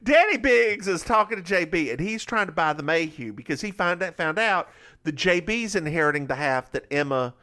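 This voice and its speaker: A man co-hosting a podcast, recapping a TV episode in a campy, teasing, animated way. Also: a little high, moderate pace, hardly any pauses. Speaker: podcast co-host. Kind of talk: casual chat recapping a TV episode.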